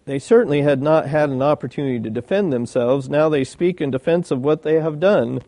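A man delivering a sermon, moving between reading old commentary and asking his hearers questions. His voice is gravelly and warm, pitched a little high. The sound is dry and close. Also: brisk, no room sound. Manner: reads old commentary aloud, breaks off to ask the listeners questions. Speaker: preacher.

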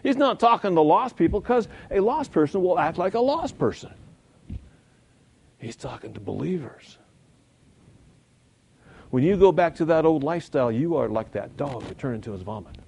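A man teaching a Sunday school Bible lesson in a conversational, folksy way, slowing down and building up for emphasis. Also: on the high side, sing-song, gravelly, darkish tone, slightly rough. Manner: conversational, folksy, chuckles at own points.

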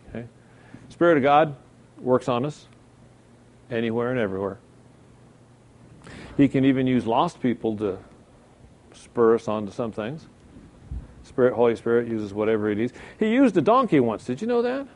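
A man's voice: medium pitch, expressive, measured pace, pauses often, darkish tone. A middle-aged male pastor preaching a sermon in a conversational way, often checking in with the congregation.

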